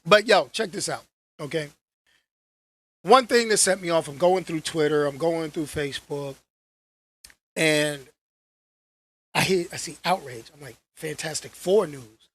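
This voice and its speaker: A man hosting his own channel, ranting casually to camera in an animated, slangy way and repeating phrases for emphasis. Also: fairly high pitch, unhurried, long pauses. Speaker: channel host.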